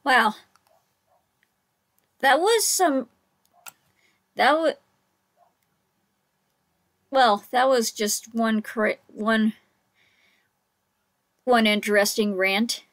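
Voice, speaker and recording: Lady youtuber reacting to a clip, talks slow, kinda hesitant. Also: on the high side, fairly bright tone. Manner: hesitant, restarts her sentences. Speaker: reaction channel host. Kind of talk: casual reaction commentary.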